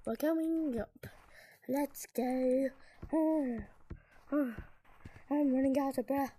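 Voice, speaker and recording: A woman's voice: high voice, takes it slowly, dark tone. A woman playing a game and narrating her own moves in a playful, sing-song way. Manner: playful, sing-song, breaks into shrieks and giggles.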